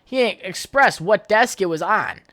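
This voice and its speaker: A man's voice: sits high, expressive, normal speed, fairly bright tone. A young man hosting his own podcast, telling stories from his childhood in a rambling, profane way, full of fillers and restarts. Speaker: podcast host. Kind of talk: casual solo podcast storytelling.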